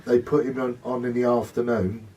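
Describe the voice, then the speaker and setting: A man, joining the interview to tell his side of the stories in a lively, anecdotal way. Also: mid-range voice, moderate pace, breathy edge. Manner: animated anecdote-telling. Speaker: interview guest. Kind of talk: casual storytelling. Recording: voice distant from the mic.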